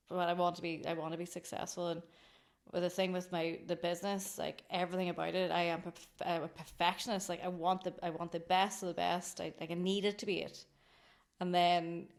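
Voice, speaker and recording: An Irish woman in her thirties, a company founder chatting effusively as a podcast guest and laughing often. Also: lowish voice. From Ireland. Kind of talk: casual podcast interview.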